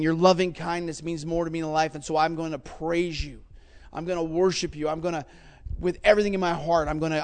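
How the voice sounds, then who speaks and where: A man preaching a sermon, passionate and building to fervent exhortation. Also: sits high.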